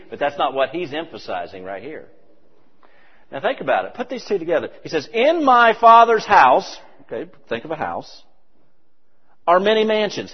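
Preaching man in an echoey hall. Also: fairly high pitch. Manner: animated, emphatic preaching with conversational asides. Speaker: pastor. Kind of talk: sermon. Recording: dull, reverberant hall recording.

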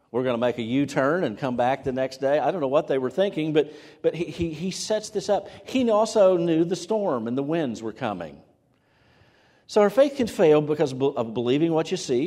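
A man preaching a sermon as a pastor, animated, acting out quoted voices with sudden jumps in pitch. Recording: long reverb of a large hall.

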